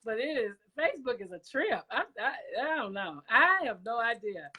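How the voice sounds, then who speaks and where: A woman's voice: a little high, sing-song, moderate pace, pushed and bright. Woman, live-stream talk show host, chatty, laughs a lot, fed up with tech trouble, computer mic. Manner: chatty, laughs often, exasperated at technical glitches. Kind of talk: casual live-stream chat.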